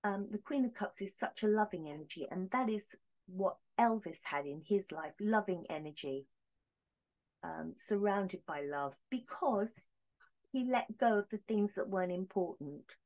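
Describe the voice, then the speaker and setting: A woman giving a casual tarot reading to camera, talking in a hesitant, rambling way with many pauses. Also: medium pitch, expressive, darkish tone. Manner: hesitant, rambling, with frequent fillers. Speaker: tarot reader.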